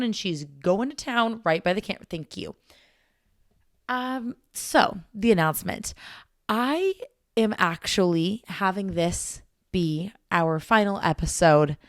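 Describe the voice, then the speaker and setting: A woman's voice: mid-range voice, no echo. A young adult woman hosting a casual solo podcast from a small makeshift home studio, chatty and giggly, rambling with fillers. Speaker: podcast host.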